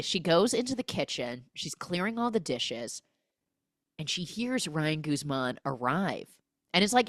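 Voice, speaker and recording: Woman podcast host, comic movie recap, animated and sharp-toned, acts out lines. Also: lowish voice, normal speed, no echo, clean studio sound. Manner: animated, acts out characters' lines in exaggerated voices; chatty, peppered with "like" and "he's like".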